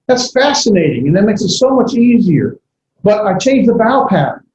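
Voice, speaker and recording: Halting man lecturing in a roomy hall. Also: sits high, sing-song, a little mellow, slight background noise. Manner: halting, many fillers and restarts. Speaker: instructor. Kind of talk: classroom lecture. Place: classroom. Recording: roomy, dull lo-fi lecture recording.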